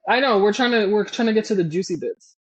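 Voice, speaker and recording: A woman cohosting a podcast, recapping a book in a casual, animated and profane way. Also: mid-range voice, quick pace, slightly rough.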